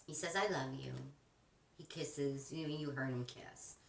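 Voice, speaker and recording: Crafting as she talks, this craft-channel host rambles in a casual chat, often restarting her thoughts. She has a rumbling low, unhurried voice, recorded on a distant mic in a roomy space with a little faint noise.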